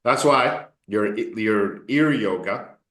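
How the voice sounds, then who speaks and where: A man's voice: fairly low pitch, slow pace, fairly bright tone. A man coaching an English learner, explaining patiently and checking often that his student follows. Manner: explains patiently, keeps checking understanding with "okay?". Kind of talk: tutoring session. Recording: roomy echo.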